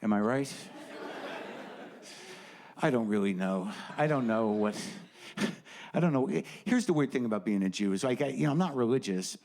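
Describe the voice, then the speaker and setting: A man's voice: medium pitch, lively intonation, normal speed, long pauses, darkish tone. A man doing a stand-up comedy set on stage, riffing in a rambling, conversational and profane way. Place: stage before a live audience. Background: faint audience laughter.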